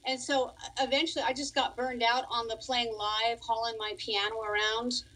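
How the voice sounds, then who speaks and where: A woman's voice: fairly high pitch, level tone, normal speed, a bit bright, poor audio. A woman in her forties from Long Island, a musician and piano teacher, talking in a chatty way as a guest on a radio interview. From Long Island, New York. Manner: chatty, laughs easily.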